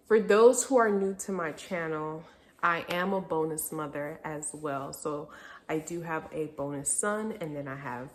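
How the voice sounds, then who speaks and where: A young woman vlogger telling a personal story in a candid, reflective way, now and then laughing through hard memories. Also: lowish voice. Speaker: vlogger, mother. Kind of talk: casual personal storytelling to camera.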